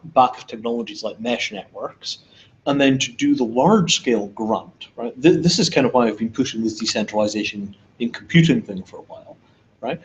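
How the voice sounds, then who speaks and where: Scottish man, blunt and emphatic, panel talk, dull lo-fi sound, faint hiss. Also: medium pitch. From Scotland. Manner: blunt, emphatic, swears freely. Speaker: invited speaker. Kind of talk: casual panel discussion. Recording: dull lo-fi audio with faint noise.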